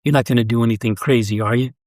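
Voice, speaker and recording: Soft coaxing worldly woman, gentle and kinda weary as a guy reads her lines, dry close sound. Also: mid-range voice, fairly even intonation, rapid-fire, no echo, lightly acted. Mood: worried. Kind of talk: reading a short story aloud.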